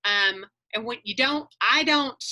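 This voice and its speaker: A woman's voice: fairly high pitch, measured pace, sharp tone. A woman coaching a newcomer on a video call, earnest and motivational, with frequent restarts. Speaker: business coach.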